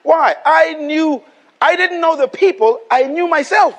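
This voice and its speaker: High-voiced Bahamian preacher, emphatic. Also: male voice, unhurried. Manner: emphatic, repeats lines and calls for audience response. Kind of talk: sermon. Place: live venue before a congregation.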